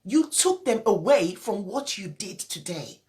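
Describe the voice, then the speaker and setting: A woman's voice: medium pitch, sing-song, a little slow, mellow. A woman parenting coach, upset and teary, speaking emphatically in a live stream and repeating her key points. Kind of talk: emotional live-stream talk.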